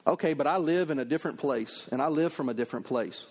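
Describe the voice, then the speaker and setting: Pastor guy preaching, chatty and lively, voice sits a bit high, plays out little asides. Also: brisk, breathy edge. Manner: conversational, animated preaching with acted asides. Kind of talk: sermon.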